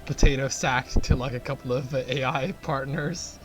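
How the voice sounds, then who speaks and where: A man's voice: medium pitch, steady tone, normal speed. A young man chatting casually while playing a strategy game, rambling and sarcastic with plenty of swearing and fillers. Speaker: gamer. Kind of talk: casual gaming chat. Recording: game music behind the voice.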